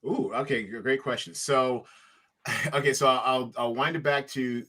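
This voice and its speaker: A man's voice: mid-range voice, fairly even intonation, moderate pace, pushed and bright. A man, a guest founder, talking casually in an interview and rambling through a story with many fillers and restarts.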